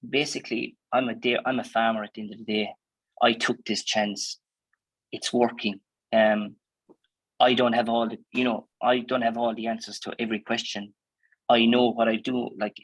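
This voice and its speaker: Plainspoken Irish farmer, husky and flat. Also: male voice, medium pitch, no room sound, poor audio. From Ireland. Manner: chatty, plainspoken, lots of fillers and restarts. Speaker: dairy farmer. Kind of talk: conversational interview answers.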